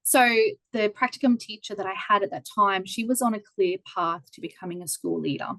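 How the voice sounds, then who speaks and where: An Australian woman in her thirties, a guest telling a story in a casual interview over a video call, lively and acting out quoted voices. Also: mid-range voice, a little fast, no echo, low-quality recording.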